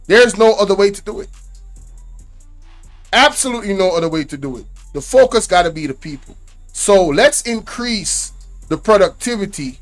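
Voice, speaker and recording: A man's voice: high voice, a bit bright. A man giving casual commentary to camera, emphatic and repetitive, often checking in with "right?". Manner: emphatic, repeats points, asks "right?". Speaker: reaction channel host.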